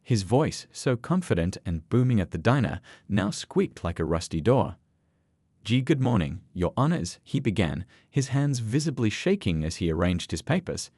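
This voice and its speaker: A man reading a scripted dramatic story as narrator, with a steady storytelling delivery. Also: fairly low pitch, normal speed, hardly any pauses, slightly rough, no room sound, clean studio sound.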